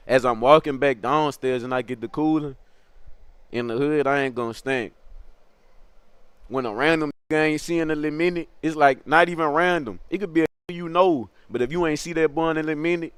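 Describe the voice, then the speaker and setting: Brief: male comic storyteller with a slightly higher, smooth voice, rambling slangy delivery. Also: a little fast, a bit bright, no echo. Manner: slangy, rambling, laughs at his own story. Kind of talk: casual comedic storytelling.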